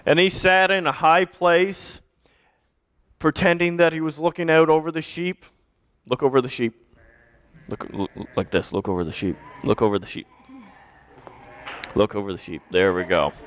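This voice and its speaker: A man's voice: fairly high pitch, moderate pace, pauses often, a bit bright, clear, resonant tone. A man, a pastor, telling a children's story during a church service and directing children to act parts out.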